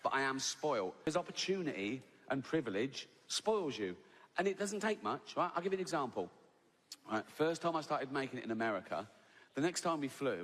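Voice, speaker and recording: A man's voice: fairly high pitch, a bit bright, long reverb tail. A man doing a stand-up routine, chatty and sweary, tagging his lines with "right?". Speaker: stand-up comedian. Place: live venue with audience.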